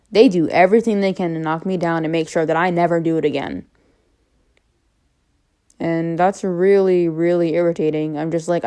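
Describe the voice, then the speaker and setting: A woman's voice: fairly low pitch, dark tone, clear, resonant tone. A young woman talking to camera about personal matters, rambling, unscripted and candid, with frequent fillers. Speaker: vlogger.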